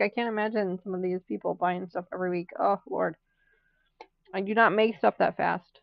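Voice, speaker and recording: A woman's voice: medium pitch, fairly even intonation, normal speed, gravelly, dry recording, lo-fi sound. A woman hosting a live quilting stream, chatting casually and rambling while she sews, laughing often. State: has the hiccups. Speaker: quilting channel host. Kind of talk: casual chat during a live sewing stream.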